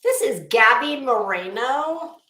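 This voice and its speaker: A sassy, opinionated woman talks through fashion in a slow, unhurried drawl, her voice bright and fairly high. She sounds middle-aged and relaxed. The room around her rings with echo. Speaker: fashion commentator. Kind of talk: casual commentary.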